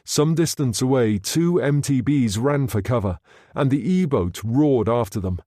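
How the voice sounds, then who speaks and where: A man narrating an audiobook in a measured, steady reading. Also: mid-range voice, dry recording, clean studio sound. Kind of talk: scripted narration.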